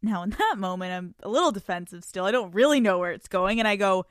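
A woman's voice: medium pitch, animated, fast talker, dry recording, clean studio sound. A young adult woman hosting a podcast, telling a candid personal story in a frank, profane way and laughing often. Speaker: podcast host.

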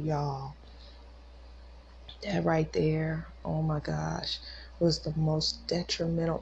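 A woman's voice: deep voice, vocal fry. A mother and podcast host telling a personal testimony with emotion, talking straight to her listeners. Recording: dull lo-fi recording with faint noise.

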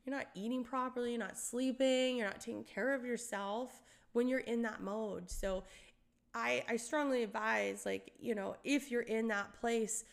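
A middle-aged woman spinning a personal story in a relaxed podcast chat. Her voice sits a little high, and she is animated, slipping into quoted voices, laughing easily and swearing casually. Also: normal speed, vocal fry.

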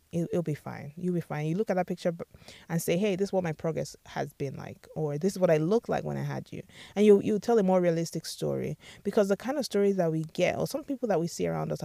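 A woman's voice: lowish voice, creaky, mellow, no room sound, clean studio sound. A woman hosting a podcast, giving casual advice in a chatty way and often checking in with "all right?". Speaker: podcast host.

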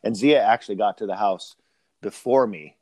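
A man's voice: on the low side, moderate pace, darkish tone, no echo. Man, chatty host, rambling anecdotes, dry close sound. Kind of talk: casual conversation.

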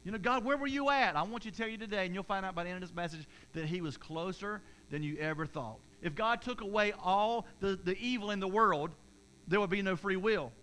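A male pastor preaches a conversational sermon to his congregation during a church service, his voice high, brisk and fairly bright. He stammers through many restarts and repeated words, and the recording is rough.

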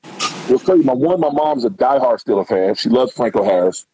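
A middle-aged man, a guest and former football player, telling a rambling, animated story in casual talk and swearing freely. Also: medium pitch, fairly quick, slight background noise, poor audio.

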